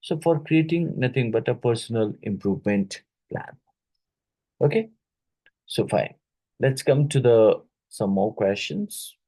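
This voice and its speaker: A man teaching an exam-prep lesson, reading each question twice and pausing with fillers and "right?" tag questions. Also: medium pitch, very animated, warm tone, rough recording. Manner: halting, with many fillers and "right?" tags; repeats each question aloud.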